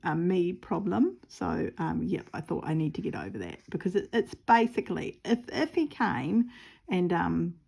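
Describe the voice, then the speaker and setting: A woman's voice: on the low side, lively intonation, moderate pace, gravelly, darkish tone, slightly rough. A woman with a New Zealand accent chatting casually and rambling while she stitches, with self-mocking humour. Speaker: craft vlogger.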